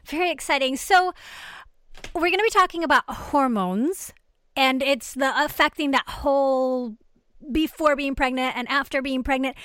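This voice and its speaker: Bright high-voiced upbeat woman host. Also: unhurried, dry recording, clean studio sound. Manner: upbeat, enthusiastic, with small laughs. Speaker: podcast host. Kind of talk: podcast interview, scripted intro then casual questions.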